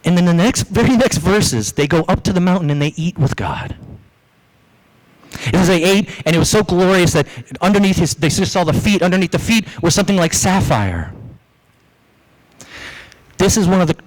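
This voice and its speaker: A man preaching a sermon as pastor, lively, acting out the voices he quotes. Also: high voice, moderate pace, pauses often, rough recording. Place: church.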